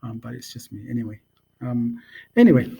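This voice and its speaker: A man giving a casual language lesson to camera, slow and halting, with many ums, patiently repeating sounds. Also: mid-range voice, lively intonation, creaky, mellow, husky. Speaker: language teacher. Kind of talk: casual home video lesson.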